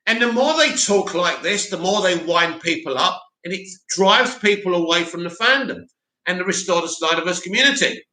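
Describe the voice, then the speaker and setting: A man's voice: sits high, lively intonation, moderate pace, sharp tone, roomy sound, poor audio. A man with a sore throat hosting a casual livestream, reading chat comments aloud and giving blunt opinions.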